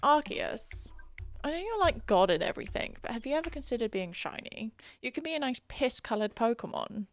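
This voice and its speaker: A woman's voice: a little high, sing-song, fairly quick. A young woman from England chatting casually on a live stream, giggly and reading chat aloud into a desk mic. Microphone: desk mic she keeps bumping.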